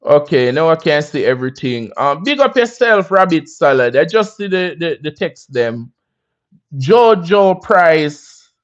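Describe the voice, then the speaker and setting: A man's voice: fairly high pitch, very animated, measured pace, lo-fi sound. A Jamaican man hosting a casual livestream, talking in a laid-back, chatty way and often asking "you understand me?". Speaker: livestream host.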